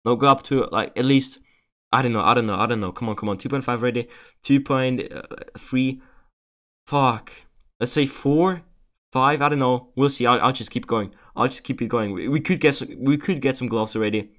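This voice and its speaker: A man's voice: medium pitch, normal speed, fairly bright tone. A young man giving casual commentary over a betting game, agitated, swearing and pleading over and over. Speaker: gaming streamer.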